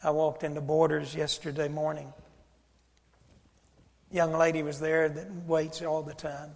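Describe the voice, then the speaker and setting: A man's voice: on the high side, completely flat delivery, unhurried, gravelly, a little mellow. A man pastor, preaching a sermon and acting out both sides of a conversation as he tells a story. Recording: church hall reverb.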